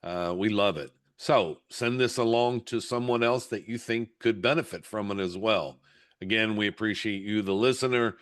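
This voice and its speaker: This middle-aged podcast co-host has a lowish voice and talks at normal speed. Chatting casually, he tells stories animatedly and performs the quotes of the people involved.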